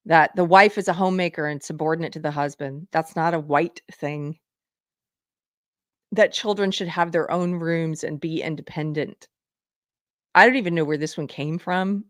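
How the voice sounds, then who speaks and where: Female commentary host, emphatic and indignant, lower voice, dry close sound. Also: dry recording. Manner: indignant, emphatic, reads items from a list. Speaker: livestream show host. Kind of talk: live political commentary.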